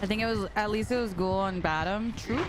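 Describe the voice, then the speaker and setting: A young adult woman streams a game with music underneath and heavy background noise, chatting casually and teasing playfully while laughing often. Her voice is mid-range and fairly quick.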